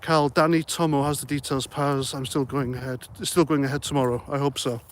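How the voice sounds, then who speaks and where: A man's voice: mid-range voice, fairly even intonation, brisk, a little hiss or hum. Chatty man livestreaming. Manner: chatty, rambling, jokey asides. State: slightly out of breath. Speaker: livestream host. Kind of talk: casual livestream chat reading comments.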